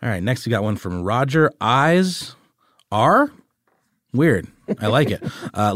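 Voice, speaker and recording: A man's voice: mid-range voice, big pitch swings, slow, long pauses, fairly bright tone, no room sound, clean studio sound. A man co-hosting a podcast, reading listener messages in a playful, jokey casual chat. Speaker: podcast co-host.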